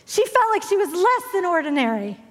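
A high-voiced older woman delivers a sermon with expressive storytelling, slipping into the voices of the people in her story. Her voice rings out with a long, lingering reverb, as if filling a large hall. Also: a little fast. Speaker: speaker at a women's event.

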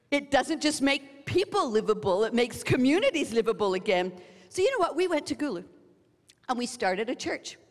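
A woman's voice: high-pitched, long reverb tail. A woman preaching a sermon, telling stories dramatically and acting out what others said. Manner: dramatic storytelling, acting out quotes.

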